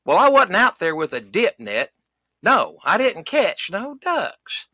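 A man sits high in his register for this full character voice, pitch swooping wildly, slow, pushed and bright, and husky, with no echo. He plays a loud, cranky, folksy middle-aged Southern duck hunter, a recurring figure in a comedy podcast, ranting with exasperated sighs and country grammar.

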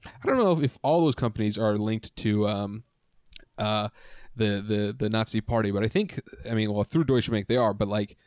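A man's voice: on the low side, normal speed, darkish tone, no echo. A man co-hosting a podcast, rambling through history notes with frequent swearing and fillers into a studio microphone. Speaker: podcast co-host. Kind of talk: casual podcast chat.

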